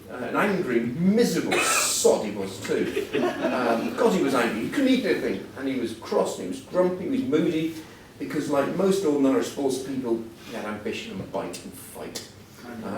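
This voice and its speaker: A man's voice: mid-range voice, sing-song, normal speed, few pauses, a little hiss or hum. Guest speaker, 60s, man. Self-mocking anecdotes, heard from a distance in a very echoey hall. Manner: self-deprecating, humorous storytelling. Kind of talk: anecdotal after-dinner talk.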